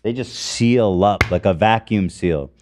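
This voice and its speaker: A man hosting a podcast, loud and joking, mocking his guests in casual banter. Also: fairly low pitch, measured pace, slight background noise. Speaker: podcast host.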